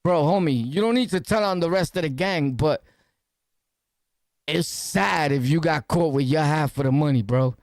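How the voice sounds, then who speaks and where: A man with a New York City accent, hosting a podcast and reacting to news clips in loud, profane, laughing street talk. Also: fairly high pitch, normal speed, dry recording, studio quality. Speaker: podcast host.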